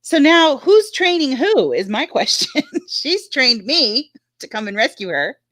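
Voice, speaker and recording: A woman's voice: high voice, sing-song, unhurried, fairly bright tone, no room sound. A woman chatting casually on a live stream, laughing often and telling stories about her dog.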